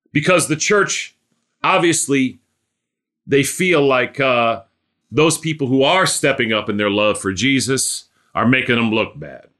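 A man's voice: medium pitch, bright, forceful tone. A man preaching a sermon, telling a story and building to emphatic exhortation.

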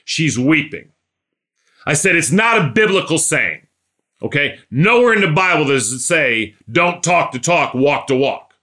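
A man's voice: fairly high pitch, animated, a little slow, pushed and bright. A man preaching a sermon, telling a story and building to emphatic exhortation.

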